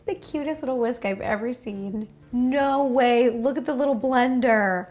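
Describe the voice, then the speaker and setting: High, gushing woman host reacting. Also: measured pace, hardly any pauses. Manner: gushing and excitable, frequent gasps and delighted exclamations. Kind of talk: casual reaction commentary.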